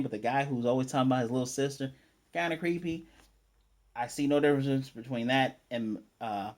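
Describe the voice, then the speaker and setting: A man reviewing an anime episode in casual, animated, slangy chat. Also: mid-range voice.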